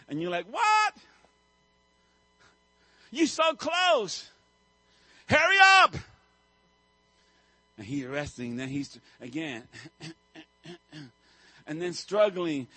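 A male pastor delivers a sermon as a vivid story. His husky voice sits in a dry, close recording. He swings between hushed lines and sudden loud bursts. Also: medium pitch, a little slow, no room sound, rough recording.

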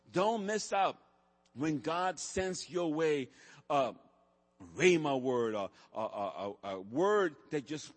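High, bright-voiced man preaching a sermon. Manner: builds from soft to shouting, repetitive preaching cadence. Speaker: pastor. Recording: long hall reverb.

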